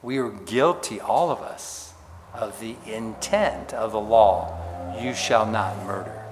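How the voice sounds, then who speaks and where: A man preaching a sermon as pastor, stressing words and dropping to a hush on key points. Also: on the low side, slow, long reverb tail, noisy background.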